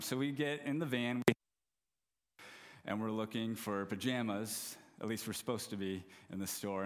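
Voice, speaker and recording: A man in his thirties preaching a sermon, telling a self-deprecating, humorous story about his family. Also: mid-range voice. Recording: long hall reverb.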